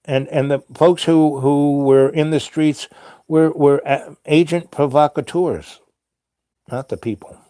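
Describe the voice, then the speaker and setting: A middle-aged man tells a wandering, anecdotal story, stumbling over restarts and filler words. His voice sits a touch high for a man. The recording is close and dry, with no room sound. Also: fairly even intonation, measured pace, dark tone, no echo. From New York. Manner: meandering, many fillers and restarts. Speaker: host. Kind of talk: rambling storytelling monologue.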